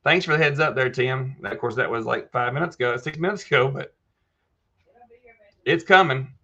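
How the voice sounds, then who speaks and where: A man's voice: medium pitch, normal speed, sharp tone, lo-fi sound. A man hosting a casual live chat. He reads viewer comments aloud and answers them by name in a folksy way. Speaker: livestream host answering viewer questions.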